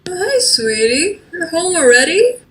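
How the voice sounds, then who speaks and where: A woman voicing a gentle, caring mother speaking softly and encouragingly. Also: extremely high pitch, very animated, a little slow, pitched above the performer's own voice, exaggerated voice, rough recording. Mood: tender. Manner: soft, soothing and encouraging.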